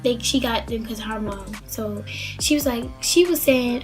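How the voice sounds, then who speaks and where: A woman's voice: fairly high pitch, normal speed, soft background music. A young woman from the Baltimore area casually telling a story, chatty and rambling with lots of fillers. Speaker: vlogger.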